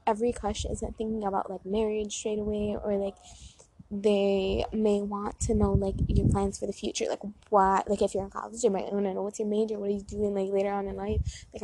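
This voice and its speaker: A woman's voice: medium pitch, mellow, breathy edge, poor audio. A woman in her twenties giving dating advice in a rambling, chatty way, full of fillers and asides, talking outdoors near a road. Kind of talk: casual chat.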